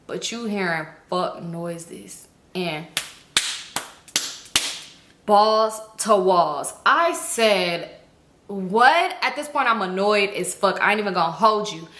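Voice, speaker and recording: Brief: young woman vlogger, bright tone, animated and slangy storytelling, echoey room. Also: a little slow, slight background noise. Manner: animated, acts out quotes with big pitch jumps; profane, slangy. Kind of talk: casual storytelling.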